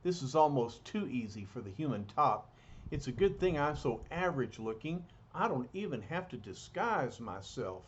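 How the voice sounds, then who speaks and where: A man voicing a smug, sneaky male spy who brags quietly to himself. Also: mid-range voice, sing-song, normal speed, dull audio, slight background noise, close to an everyday voice. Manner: smug, sly.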